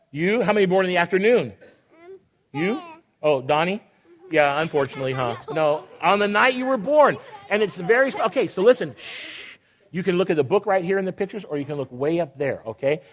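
A high-pitched older man gives a children's sermon, reading a picture book and joking with the kids as he goes. His manner is teasing and warm-humored, and he keeps the group involved.

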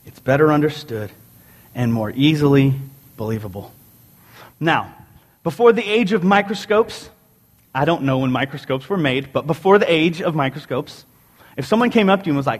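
A man preaching a sermon in an animated, joking storytelling way. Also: fairly high pitch, moderate pace, long pauses. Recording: long hall reverb.

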